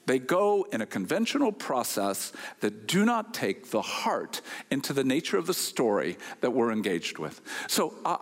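Animated man telling a story in a reverberant hall. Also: on the high side. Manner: animated, wry storytelling with rhetorical questions. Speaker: speaker addressing an audience. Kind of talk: storytelling talk with a moral.

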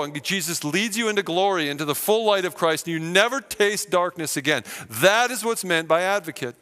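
A male pastor preaching with animated, vivid storytelling, swinging his voice up and down. His voice sits somewhat high for a man, and a long hall reverb rings behind it. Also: fairly quick, few pauses. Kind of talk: sermon.

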